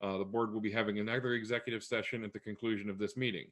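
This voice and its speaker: A man's voice: lowish voice, fairly even intonation, racing, a bit bright. A man chairing a school board meeting, reading procedural notices in a plain way with many fillers.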